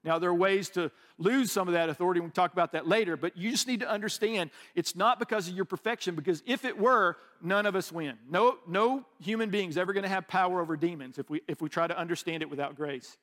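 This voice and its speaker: A man delivers a sermon in a relaxed, conversational manner, often restarting sentences and adding asides. His voice sits notably high for a man. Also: fast talker, hardly any pauses. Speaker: pastor.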